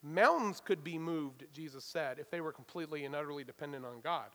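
A man preaching a sermon, swinging between loud emphatic stresses and hushed asides. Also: fairly high pitch, brisk, in a large hall. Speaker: pastor.

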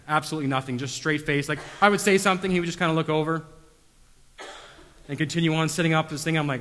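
A man's voice: a little high, a little fast, sharp tone. A man preaching a sermon, telling stories casually with lots of fillers and self-deprecating humor. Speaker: pastor. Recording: long hall reverb.

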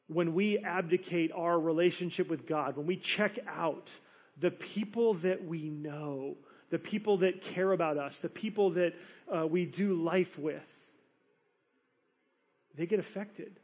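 A man preaching a sermon, telling a story with animated, acted-out quotes. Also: fairly high pitch, unhurried, slightly rough. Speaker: pastor.

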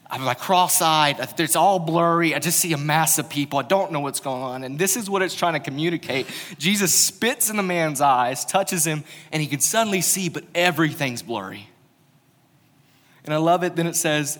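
A man's voice: fairly high pitch, normal speed, fairly bright tone. A man preaching a casual, conversational sermon, telling stories with informal humorous asides. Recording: long reverb of a large hall.

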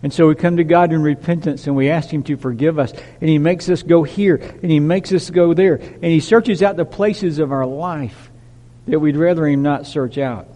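A man preaching a sermon, emphatic, dropping to a hush and rising to loud declarations. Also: on the high side, fairly even intonation, moderate pace, long reverb tail. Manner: emphatic, swinging from hushed to loud.

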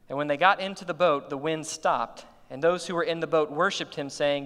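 Man preaching, high-pitched and crisp, emphatic delivery, reverberant church hall. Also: fairly quick, few pauses, a bit bright. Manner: expository preaching, rising to emphatic peaks. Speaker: pastor. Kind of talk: sermon.

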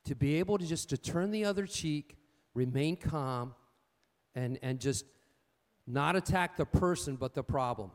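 A man with a high-pitched voice preaching a sermon. He tells folksy, humorous stories and repeats his key points. He often checks in with his listeners in call-and-response fashion. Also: unhurried. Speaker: pastor.

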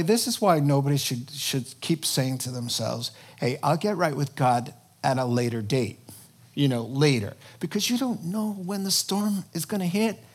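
A man preaching a sermon in an animated, conversational way, breaking into sudden loud emphasis. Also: high voice. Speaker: pastor.

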